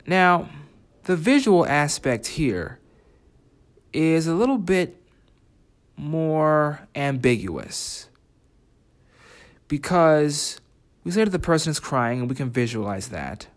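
A man's voice: fairly high pitch, very animated. A man teaching a writing lesson, reading quoted lines and asking the listener reflective questions. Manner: reflective, asks listeners questions, reads lyric quotes slowly. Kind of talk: spoken lesson comparing translations.

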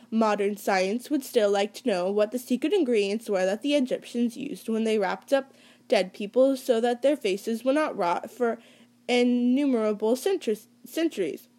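A woman reading a novel aloud and voicing a sarcastic old male history teacher, slow and mocking, tripping over words now and then. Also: fairly high pitch, mellow, natural voice.

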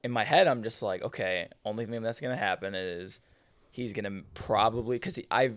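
A young man co-hosting a casual podcast, telling a story with lively reenacted dialogue and cursing. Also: lowish voice, brisk, no echo. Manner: animated, reenacts dialogue, swears. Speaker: podcast co-host.

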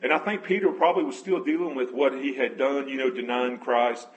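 A man's voice: medium pitch, fairly even intonation, a little fast, lo-fi sound. A man preaching a conversational sermon, telling scripture stories earnestly and correcting himself as he goes. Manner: emotional, moved near tears.

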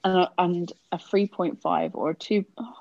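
A woman's voice: fairly low pitch, fairly even intonation, normal speed, a little mellow, no echo, lo-fi sound. A woman, co-hosting a film podcast, talking hesitantly in a rambling, casual way with frequent swearing. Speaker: podcast co-host. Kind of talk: casual film review chat.

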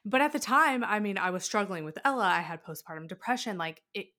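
A woman in her thirties telling candid, animated personal stories in a casual conversation. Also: medium pitch, fast. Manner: candid, animated storytelling with laughs.

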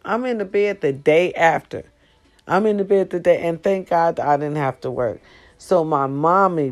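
Lady vlogging from her bed, sore and in pain, cussing a lot, animated and talking right at the camera. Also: deep voice. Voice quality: profane, animated, talks straight to viewers. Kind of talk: casual storytelling vlog. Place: sitting on her bed at home.

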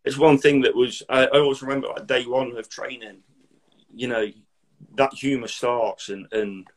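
A man, a military veteran talking casually and bluntly, swearing freely with dark humour. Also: mid-range voice, steady tone, normal speed. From Derby, England. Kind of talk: casual podcast chat.

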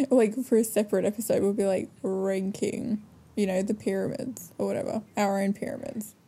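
A woman's voice: mid-range voice, moderate pace, warm tone, breathy edge. A young woman co-hosting a podcast, chatting casually and giggling with lots of fillers. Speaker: podcast co-host. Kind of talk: casual chat.

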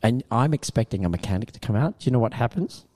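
A man telling an animated story in casual studio chat, laughing often. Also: mid-range voice, quick pace.

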